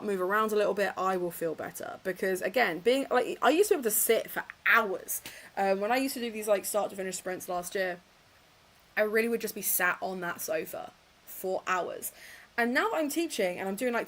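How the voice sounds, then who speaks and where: A woman's voice: medium pitch, fairly bright tone. A young woman, hosting a casual reading livestream from her home office, chatty and self-mocking with frequent laughs. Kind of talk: casual chat to live chat.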